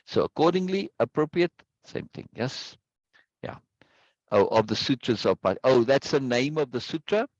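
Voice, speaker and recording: A man's voice: mid-range voice, sing-song, normal speed, no room sound, dull audio. A man teaching a class over a video call, explaining patiently, drawing out words to stress syllables and often checking in with "right?". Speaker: teacher leading a book discussion. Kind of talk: online class discussion.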